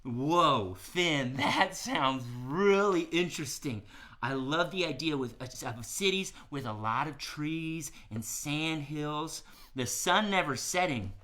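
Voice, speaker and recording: A man hosting a live-streamed children's show, talking gently to kids with many "um"s and "okay?"s. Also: on the high side, animated, takes it slowly. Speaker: children's entertainer host.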